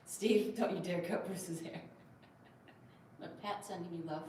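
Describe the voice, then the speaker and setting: A woman's voice: lowish voice, steady tone, takes it slowly, background noise. A woman hosting a casual livestream. She reads viewer comments aloud and coos at her cat. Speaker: livestream host. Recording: very echoey room, distant mic, faint ambience.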